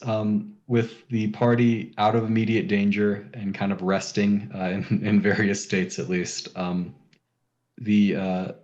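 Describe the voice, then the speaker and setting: A man's voice: on the low side, a little mellow. A man narrating a tabletop game as game master, hesitant with many ums and uhs, on a dull lo-fi recording.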